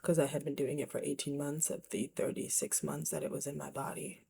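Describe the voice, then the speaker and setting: A woman's voice: sits low, flat delivery, fairly quick, gravelly, mellow, breathy edge. A woman vlogger telling a personal story to camera in a candid, reflective way, often dropping to a near whisper.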